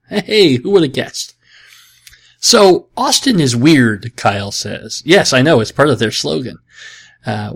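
A man's voice: on the high side, a bit bright. A man hosting a podcast, answering listener questions in a casual, joking way with sarcastic asides and self-mockery. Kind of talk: casual comedic chat.

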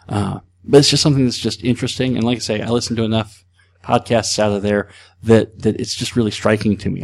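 A man's voice: medium pitch, gravelly, darkish tone. A man hosting a solo podcast, chatting casually in a rambling way with frequent restarts. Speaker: podcast host.

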